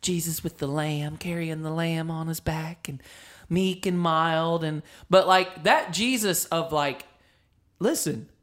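A man's voice: fairly high pitch, measured pace. A man in his thirties co-hosting a casual faith talk show, telling stories and acting out quotes with energy. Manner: animated storyteller, acts out quotes. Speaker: podcast co-host. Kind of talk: casual chat.

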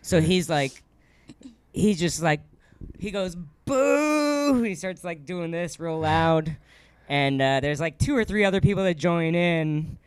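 A young adult man, a stand-up comedian, telling a story in casual chat with lots of fillers and quick laughs. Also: a little high, fairly even intonation, clear, resonant tone, dry recording.

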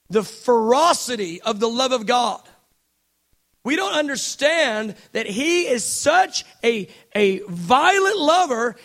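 A man preaching a passionate sermon, reading scripture aloud and building to fervent shouted emphasis. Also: extremely high pitch.

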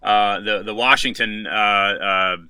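A man interviewing a guest, halting, with many fillers and restarts. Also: fairly low pitch, steady tone, bright, forceful tone, clean tone, no echo, rough recording. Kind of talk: casual interview.

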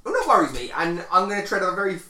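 Fast-talking man in a roomy space. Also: high voice, big pitch swings, sharp tone, a little hiss or hum. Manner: quick, chatty, self-deprecating asides. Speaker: podcast co-host. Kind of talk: casual football chat. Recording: roomy echo.

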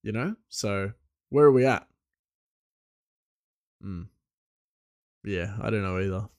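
A man's voice: lowish voice, slow pace, darkish tone. A man hosting a solo podcast in loose, rambling casual chat with frequent chuckles. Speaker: podcast host.

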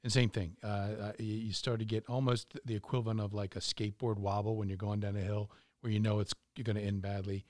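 A middle-aged man telling a story in a measured, casual way, with frequent fillers. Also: lowish voice, level tone, darkish tone, no room sound, clean studio sound.

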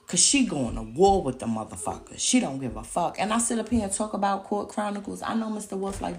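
A young woman podcast host in a full-blown rant, cursing freely and hammering listeners with rhetorical questions. Her pitch leaps from low growls to sharp high peaks. She sounds confrontational from start to finish. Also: expressive, normal speed, a little hiss or hum. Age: young adult. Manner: heated, profane and confrontational, with repeated rhetorical questions.

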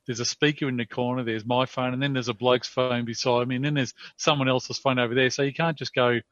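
A man's voice: medium pitch, fairly even intonation, quick pace, a bit bright, no echo, highs cut off. A man co-hosting a casual chat, wry and teasing. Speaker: co-host.

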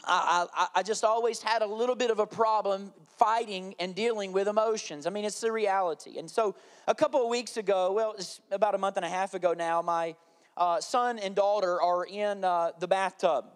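Lively high-voiced male pastor preaching. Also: moderate pace, clear, resonant tone. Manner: animated storytelling, acting out his kids' voices. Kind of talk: sermon.

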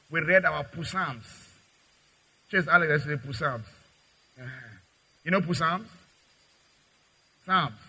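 A middle-aged male pastor preaching a sermon, acting out little dialogues and swinging from quiet to loud. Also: fairly high pitch, breathy edge, rough recording. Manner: preaching with dramatic acted-out dialogue and big swings in loudness.

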